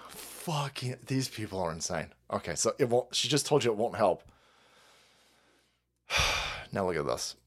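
A man's voice: lowish voice, expressive, a little slow, long pauses. A man hosting a livestream, ranting with heavy profanity and mocking laughter. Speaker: streamer host.

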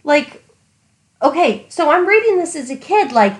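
A woman in casual book discussion, ranting animatedly and acting out what she shouted at the book. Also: high voice, normal speed, echoey room, low-quality recording. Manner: animated ranting, acting out her younger self. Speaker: podcast co-host.

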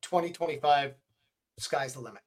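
A man's voice: on the high side, moderate pace, slight background noise. A man, a guest on a sports podcast, chatting casually and quizzing the others.

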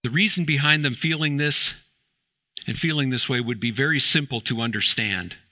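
Bright-voiced man preaching a sermon. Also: medium pitch, normal speed. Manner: emphatic, rhetorical questions, rising to exclamation. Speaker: pastor. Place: church.

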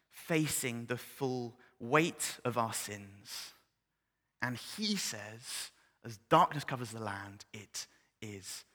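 A man preaching a sermon, moving between loud, impassioned build-ups and hushed, near-whispered scripture reading. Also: medium pitch, in a large hall. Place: church hall.

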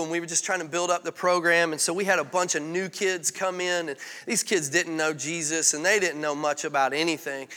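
Bright-voiced pastor preaching candidly. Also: male voice, on the high side, clean tone, in a large hall. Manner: candid, conversational storytelling. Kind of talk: sermon.

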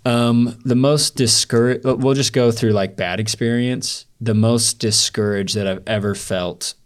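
A man's voice: medium pitch, fairly even intonation, unhurried. A man as a podcast guest, telling a candid story in a rambling way full of fillers. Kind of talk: storytelling in a casual interview.

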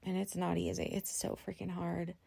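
A woman's voice: on the low side, completely flat delivery, normal speed, creaky, dark tone, slightly rough, dry recording, studio quality. A middle-aged woman hosting a podcast, sharing her personal testimony in an earnest, emotional way with many restarts. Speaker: podcast host.

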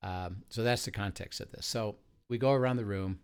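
A man's voice: on the low side, a little fast, clean tone. A man who leads Christian retreats, telling a story in an earnest conversational way, with many "uh"s and "you know"s.

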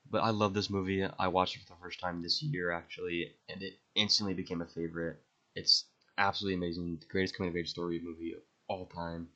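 Young man, podcast host, very low voice, monotone, enthusiastic rambling, dull lo-fi recording. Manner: rambling, enthusiastic, swears freely. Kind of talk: casual movie ranking monologue.

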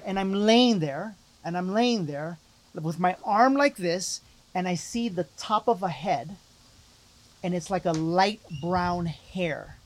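A man's voice: sits high, fairly bright tone. A man guest on a podcast, telling an earnest personal story with lots of fillers and restarts. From Latino background. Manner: earnest, emphatic, with many repeated fillers. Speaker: guest, life coach.

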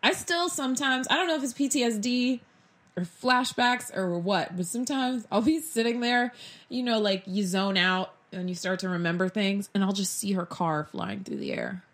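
A woman's voice: medium pitch, moderate pace. A young adult woman telling a dramatic personal story as a casual vlog, acting out the quotes as she goes. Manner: animated, dramatic retelling with acted-out quotes. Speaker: vlogger.

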